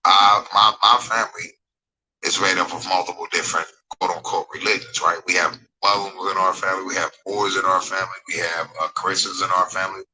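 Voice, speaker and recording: Forceful low-voiced man ranting. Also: level tone, brisk, slight background noise, low-quality recording. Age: 40s. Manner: emphatic, digressive, repeats phrases, asks for agreement. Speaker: livestreamer. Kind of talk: rambling livestream monologue reading chat.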